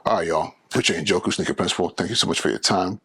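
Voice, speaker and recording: Gravelly-voiced man hosting a podcast. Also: low-pitched, quick pace, no room sound. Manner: animated, restarts phrases, emphatic. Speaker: podcast host. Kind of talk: casual solo podcast monologue.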